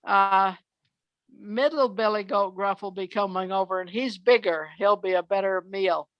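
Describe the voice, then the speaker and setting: A woman's voice: medium pitch, moderate pace, no echo, highs cut off, close to an everyday voice. A woman voicing a small young billy goat from a storybook, pleading not to be eaten.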